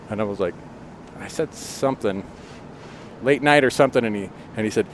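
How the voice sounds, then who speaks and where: A man's voice: lowish voice, fairly quick, long pauses. A man co-hosting a podcast, chatting in a laid-back way and laughing often while driving a truck. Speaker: podcast co-host. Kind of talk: casual chat. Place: driving a truck in freezing rain. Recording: car interior with road noise.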